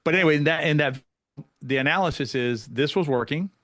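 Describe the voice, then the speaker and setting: A man talking fast and eagerly about his game, jumping back to restart his sentences. The sound is dry and close, with no room around him. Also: on the high side, dry recording. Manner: fast, animated storytelling with many restarts. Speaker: pickleball coach and guest. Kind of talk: casual podcast conversation.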